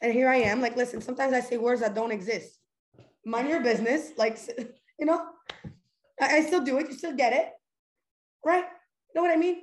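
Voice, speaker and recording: Hosting a motivational call for a live audience, a woman talks with energy and directness, firing rhetorical questions and breaking into laughter. Her voice is a little high, at a normal speed with frequent pauses, and the recording sounds roomy.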